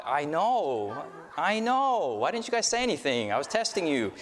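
A male pastor delivers a sermon with a slightly raised pitch, guiding the congregation through call-and-response lines. He mixes in self-deprecating humor. His voice rings out in a hall with a long reverb tail. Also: very animated, normal speed.

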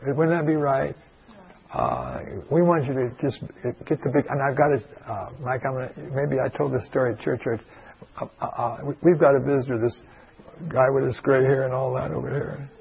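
A man's voice: mid-range voice, expressive, moderate pace, vocal fry, slightly rough, highs cut off. A man who is a pastor, telling a folksy, rambling story with many asides to an audience in a meeting hall. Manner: rambling, digressive, full of asides.

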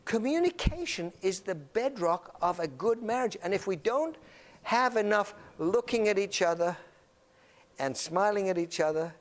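A man's voice: sits high, expressive, normal speed. A man giving an anecdotal classroom lecture, acting out little dialogues and often repeating words as he talks. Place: lecture room filmed on camera.

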